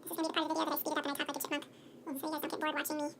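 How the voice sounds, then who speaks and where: A woman's tutorial voice, sped up into a chipmunk-like squeak. It races along very fast at a very high pitch, with a gravelly crackle and a bright, sharp tone. Her asides stay casual and chatty. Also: monotone. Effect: sped-up playback, chipmunk-like. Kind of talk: hands-on craft tutorial.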